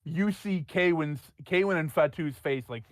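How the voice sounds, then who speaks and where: A man narrating as game master of a tabletop game, laughing often and dropping into quick voices for the players' thoughts. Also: on the high side, no echo.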